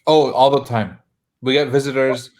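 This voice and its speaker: A man's voice: medium pitch, fairly even intonation, normal speed, a little mellow. A man from the United States, a mosque imam, telling anecdotes casually in a panel talk, chuckling now and then.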